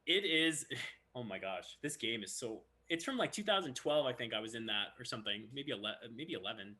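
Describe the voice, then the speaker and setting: Lively male voice actor telling stories, bright voice that swoops a lot; casual chat. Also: medium pitch, fairly quick. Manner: animated storyteller who acts out quotes. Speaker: voice actor guest.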